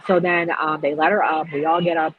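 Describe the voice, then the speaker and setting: A woman's voice: low voice, flat delivery, brisk, phone-quality sound, a little hiss or hum. A woman hosting a podcast, telling what she saw in a chatty, gossipy way. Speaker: podcast host. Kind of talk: casual podcast chat.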